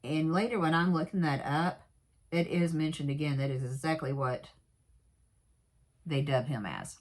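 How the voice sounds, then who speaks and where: Low-voiced woman rambling through a recap. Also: moderate pace, a little mellow. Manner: rambling, many fillers and asides; candid, personal commentary. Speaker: true crime recap vlogger. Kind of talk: casual episode recap.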